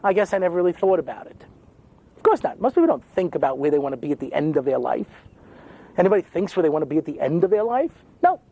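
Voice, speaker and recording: An older man plays a rabbi in a humorous lecture, animatedly telling stories, cracking jokes and acting out quotes. His voice is a little high and fast, and the sound is lo-fi.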